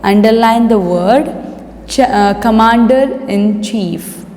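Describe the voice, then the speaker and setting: A woman teacher with an Indian English accent giving slow, repetitive instructions in an online class. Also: on the high side, a little mellow. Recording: echoey room with long reverb.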